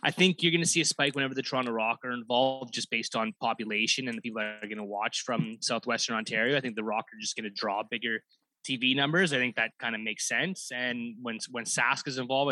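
A man co-hosting a casual sports podcast, relaxed and talking through numbers with fillers. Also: mid-range voice, dry recording, rough recording. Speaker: podcast co-host.

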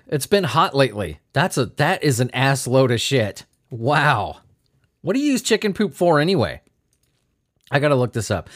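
A man's voice: fairly high pitch, no echo, studio quality. A man hosting a comedy news podcast, riffing on odd stories in a sarcastic, profane way. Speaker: podcast host.

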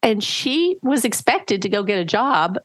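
A woman coach talking in a casual podcast conversation, acting out quoted voices with lively swings. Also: mid-range voice, measured pace, no room sound. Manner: animated, acts out quoted voices. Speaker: podcast guest, relationship coach.

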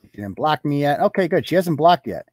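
A man's voice: a little high, very animated, a little fast, a little mellow, dry recording, studio quality. Sarcastic man hosting a live rant show. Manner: mocking, sarcastic, profane; reads posts aloud off screen and talks back to them. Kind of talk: live online commentary show.

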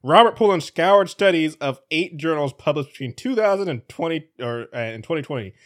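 A man with a somewhat high voice co-hosts a casual news-chat podcast. He rambles through the stories, restarts sentences and laughs often. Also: animated, a little fast. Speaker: podcast co-host.

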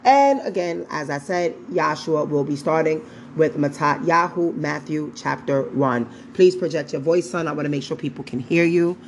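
Woman podcast host, low voice, upbeat and encouraging, chatting at home over lunch. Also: moderate pace, a little hiss or hum, rough recording. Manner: lively, encouraging, uses Hebrew greetings and praise words. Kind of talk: casual faith podcast chat.

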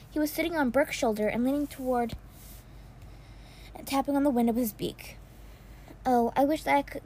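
High-pitched lady reading a kids novel aloud, soft, trips on words now and then. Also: a little hiss or hum. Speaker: audiobook reader. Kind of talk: first-person storybook narration.

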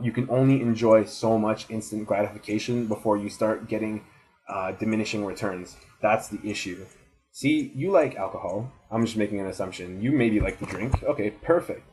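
A young man in his twenties talks straight at one listener in a loose, rambling monologue. His voice sits a little low, and he swears freely while repeating his points for emphasis. It sounds like an off-the-cuff recorded message of advice. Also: darkish tone, poor audio. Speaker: student giving advice. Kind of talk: casual motivational monologue.

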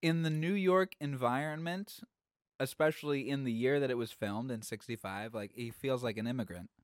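A man co-hosting a podcast in casual chat, animated and thoughtful. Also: medium pitch, moderate pace, no echo, studio quality. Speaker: podcast co-host.

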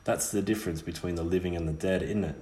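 A man voicing a sharp-tongued ghostly witch girl in an audiobook reading. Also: sits low, fairly even intonation, quick pace, roomy sound, slight background noise, natural voice. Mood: scolding.

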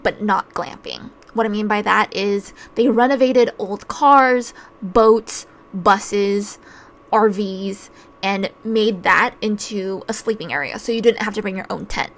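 Chatty woman with a gravelly edge. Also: medium pitch, a bit bright. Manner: chatty, wry, with filler words. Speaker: vlogger telling a travel story. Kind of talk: casual storytime.

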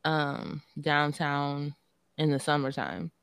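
A woman podcast co-host with a Southern US accent, telling stories in casual chat, animated and swearing freely. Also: low-pitched, slow, vocal fry, smooth, dry recording.

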